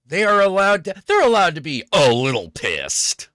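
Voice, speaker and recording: A man's voice: a little high, wildly swooping pitch, moderate pace, few pauses, a bit bright, dry recording, studio quality. Sarcastic, swearing man ranting on stream. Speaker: streamer host. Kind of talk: profane political rant.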